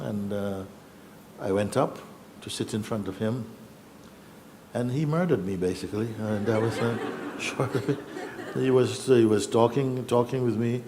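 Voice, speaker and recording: A middle-aged man, a spiritual teacher, relaxed and chuckling as he tells his story to a gathering and acts out the voices in it. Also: mid-range voice, slight background noise. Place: yoga festival gathering.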